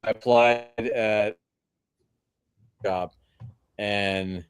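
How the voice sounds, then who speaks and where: Lowish-voiced guy calling in over video, dry sound, laid back. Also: steady tone, very slow, clear, resonant tone, dry recording. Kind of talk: casual chat. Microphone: video call.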